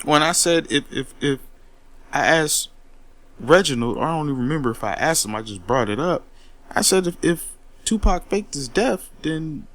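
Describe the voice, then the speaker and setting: A man rants in a confrontational, profane monologue and keeps repeating words as he gets worked up. His pitch jumps widely as he talks. The sound is dry and close. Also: expressive, normal speed, a bit bright, no room sound. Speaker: commentary host. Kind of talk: heated monologue rant.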